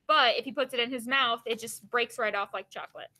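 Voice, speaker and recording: A woman reading a children's chapter book aloud, pausing to explain the story in plain, casual words. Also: fairly high pitch, steady tone, pushed and bright, poor audio.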